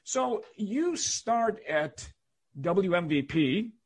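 A man's voice: sits high, very slow, background noise. A man hosting a casual interview, asking for stories and laughing along. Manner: lively, laughs along, prompting questions. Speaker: interviewer, host.

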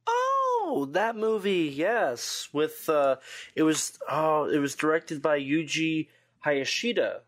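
A man's voice: fairly high pitch, steady tone, slow. A tired man co-hosting a podcast, chatting casually with lots of fillers and restarts. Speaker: podcast co-host. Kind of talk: casual chat.

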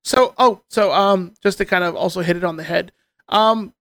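A man's voice: sits high, normal speed, a bit bright, no echo. A man hosting a casual podcast, venting with sarcasm and casual swearing. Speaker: podcast host.

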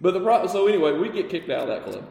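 A man telling lively business stories as a podcast guest, acting out the dialogue. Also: sits high, rapid-fire, gravelly. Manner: animated storyteller, acts out dialogue, laughs often. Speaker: guest, parts company owner. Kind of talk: casual storytelling in a podcast interview. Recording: roomy with long reverb.

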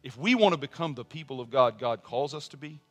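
A middle-aged man preaching a sermon as pastor, earnest, dropping to soft personal asides and rising to strong emphasis. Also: mid-range voice, animated, a little fast.

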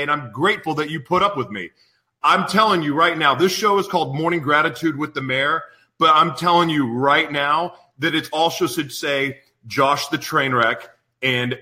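Excitable rambling man in his thirties. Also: fairly high pitch. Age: 30s. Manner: rambling, self-deprecating, excitable. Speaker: radio show host. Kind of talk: live radio show opening monologue. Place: studio in San Diego.

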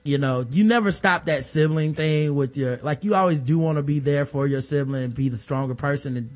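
A man's voice: fairly high pitch, fairly quick. A man on a podcast panel, casually telling comedic stories and laughing as he goes. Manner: animated, laughing storyteller.

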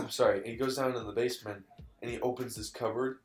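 A man's voice: medium pitch, fairly even intonation, fairly quick. A young man telling a creepy story in casual chat, rambling and stopping to correct himself. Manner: rambling, restarts and apologizes, says dude and bro. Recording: echoey room, faint guitar music.

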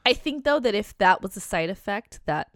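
A woman co-hosting a podcast in casual comedic chat, playful and quick to laugh. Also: medium pitch, lively intonation, no echo, studio quality. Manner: playful, laughs often, spins mock stories. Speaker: podcast co-host.

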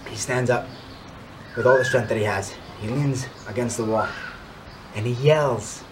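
A man telling a story in a weekly Torah talk, dropping to a hushed tone for tense moments and rising when he urges his listeners on. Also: medium pitch, unhurried, long pauses, slight background noise. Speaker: Torah speaker.

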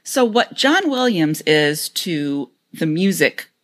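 A woman co-hosting a podcast in casual chat, playful and expressive. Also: low-pitched, slow pace. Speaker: podcast co-host.

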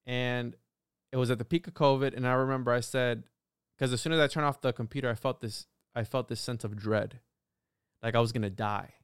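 A young man telling a long story in a casual podcast chat, animated and full of swearing and restarts. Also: mid-range voice, clean tone, dry recording, studio quality. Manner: animated, heavy swearing, quick repeated restarts. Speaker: podcast guest.

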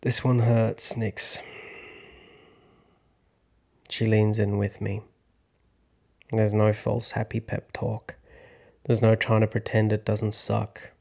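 A man in his thirties, an actor hosting a podcast, telling a personal story in a slow, reflective, hushed way. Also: fairly low pitch, completely flat delivery, creaky. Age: 30s. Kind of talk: first-person storytelling narration.

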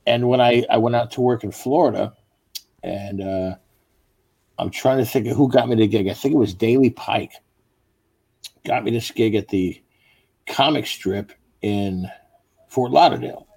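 Gravelly-voiced middle-aged male comic. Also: mid-range voice, normal speed, pauses often, a little mellow, dry recording. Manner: rambling, profane storytelling. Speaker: stand-up comedian. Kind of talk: casual podcast chat.

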